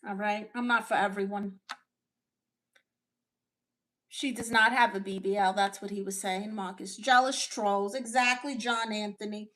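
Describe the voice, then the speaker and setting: A woman hosting a comedic livestream as a sassy aunt, brashly teasing her chat with quick comebacks. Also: medium pitch, steady tone, fairly bright tone. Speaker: livestream host reading chat.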